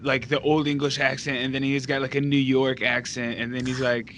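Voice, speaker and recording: Man, podcast host, casual chat, rambling, bright tone, faint background noise. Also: mid-range voice, flat delivery, brisk. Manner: rambling, laughs often, lots of "like".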